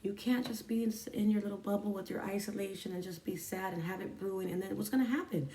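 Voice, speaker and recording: A woman's voice: mid-range voice, fast, warm tone, recorded from a distance. A woman talking candidly to her viewers about staying sober, in an earnest, confessional way. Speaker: sobriety vlogger. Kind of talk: candid personal talk to camera. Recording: echoey room, voice a bit off-mic.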